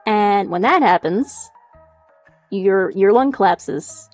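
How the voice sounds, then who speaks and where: A young woman streaming from home in casual chat, animated, swearing a lot and laughing often as she reacts to chat. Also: mid-range voice, takes it slowly, faint music behind. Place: home room.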